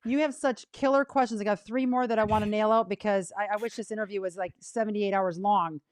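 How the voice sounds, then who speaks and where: A woman's voice: mid-range voice, steady tone, quick pace, clean tone, dry recording. A woman hosting a talk show interview, enthusiastic and effusive with her guest. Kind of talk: casual interview.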